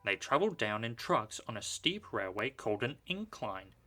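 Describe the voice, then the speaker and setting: Lively male storyteller. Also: mid-range voice, moderate pace, soft background music. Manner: lively, expressive narration. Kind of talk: storybook reading.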